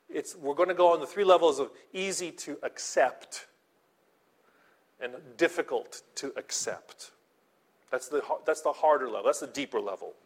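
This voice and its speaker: A male pastor preaching a sermon in a conversational way, often checking in with his listeners and repeating himself as he talks. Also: a little high. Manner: conversational, checks in with "okay?" and "right?"; repeats and restarts words, laughs lightly.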